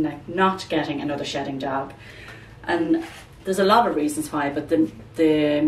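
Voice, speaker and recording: A middle-aged woman chatting casually while she repots her plants, rambling and calling her viewers "guys". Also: sits low. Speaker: plant vlogger. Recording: echoey room, distant mic, background noise.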